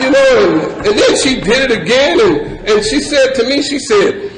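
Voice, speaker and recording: A middle-aged man sharing his personal recovery story at a meeting, animated and laughing, with lots of "you know" fillers. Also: very high voice, normal speed, hardly any pauses. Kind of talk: personal testimony share. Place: meeting hall with audience. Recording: echoey hall with crowd noise. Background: audience murmur and ambience.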